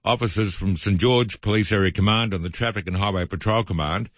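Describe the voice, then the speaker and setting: A man's voice: on the low side, a little fast, no room sound, dull audio. A man hosting talk radio, reading news items and adding sardonic, opinionated asides. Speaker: radio host.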